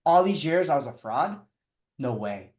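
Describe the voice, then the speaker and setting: A man's voice: fairly high pitch, sing-song, darkish tone. Middle-aged guy telling a story on a podcast, keeps restarting his sentences, echoey room. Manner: halting, with frequent restarts and chuckles. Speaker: podcast guest, triathlete. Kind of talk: casual storytelling interview.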